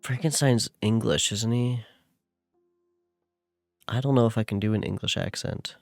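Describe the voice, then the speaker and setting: A man's voice: fairly low pitch, measured pace, creaky, a little mellow, no echo, studio quality, soft background music. A man reading a classic novel aloud on stream, often tripping over words and correcting himself. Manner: stumbles and corrects himself mid-sentence while reading. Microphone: streaming setup microphone.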